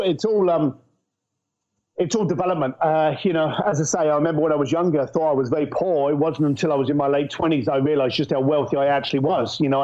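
A middle-aged man from England, a guest entrepreneur telling anecdotes in an animated, storytelling way. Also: fairly high pitch. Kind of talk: casual storytelling interview. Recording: muffled lo-fi audio.

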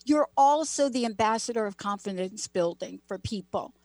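A woman's voice: medium pitch, expressive, moderate pace, a little mellow, no room sound. A woman hosting an interview, speaking in an earnest, emphatic and encouraging way. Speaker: interview host.

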